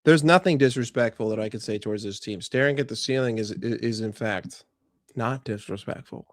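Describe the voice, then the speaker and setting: A man's voice: mid-range voice, brisk, no echo, clean studio sound. A young man streaming live, frustrated and swearing as he rants and answers chat about his football team. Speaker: fan channel streamer.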